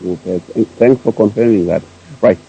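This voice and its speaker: A man's voice: on the low side, normal speed, gravelly, warm tone, breathy edge, lo-fi sound. A man calling in to a radio talk show, speaking hesitantly with many fillers and restarts. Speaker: caller. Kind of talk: phone-in commentary.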